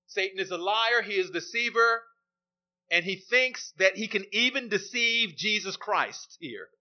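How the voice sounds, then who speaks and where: A man's voice: sits high, expressive, unhurried, pushed and bright. A man preaching a sermon, emphatic and repeating his key phrases for weight. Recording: dull lo-fi recording.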